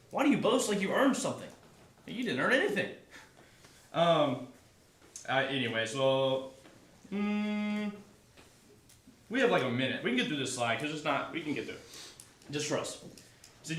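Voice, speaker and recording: A man's voice: a little high, animated, normal speed, long pauses, a bit bright, echoey room, distant mic. A man casually teaching a Bible class, chatty and self-correcting.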